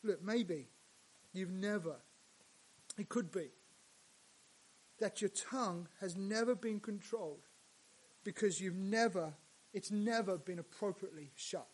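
A male pastor preaching a sermon, dropping to hushed lines and rising to loud, emphatic ones. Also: sits high, measured pace, long pauses, husky.

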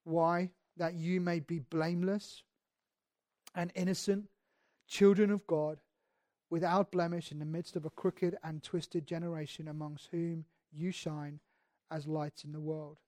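A man preaching a sermon, who moves between quiet reflection and loud, emphatic passages, reads scripture aloud and slows on key words. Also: a little high, little pitch movement, dry recording, studio quality.

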